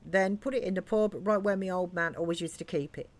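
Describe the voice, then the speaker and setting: A woman's voice: fairly low pitch, a little fast, natural voice. A woman voicing a young Cockney woman, a pub landlord's daughter, blunt and cheeky in her slang. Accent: Cockney put-on. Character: chirpy Cockney barmaid's daughter, blunt and bossy.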